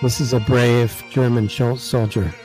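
A man's voice: mid-range voice, a little slow, faint music behind, rough recording. A man hosting an online talk show, casually retelling a film scene and acting out what the characters think. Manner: animated, acts out characters' thoughts.

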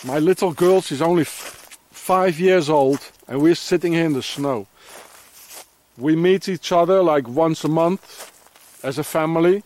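Filming himself in the snow, the father, South African by accent, rails accusingly at the people he holds responsible, insults coming again and again in his angry vlog. The voice is a little high, somewhat slow and darkish.

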